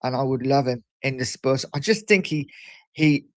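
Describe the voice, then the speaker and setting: A man's voice: medium pitch, moderate pace, no echo. A middle-aged man hosting a casual livestream, chatting and reading viewer comments aloud. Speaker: livestream host.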